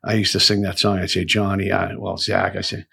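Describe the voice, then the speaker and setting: A man's voice: deep voice, little pitch movement, brisk, creaky, bright, forceful tone, husky. A middle-aged man hosting a podcast, telling stories in a rambling way full of restarts and fillers. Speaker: podcast host. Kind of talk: casual storytelling chat.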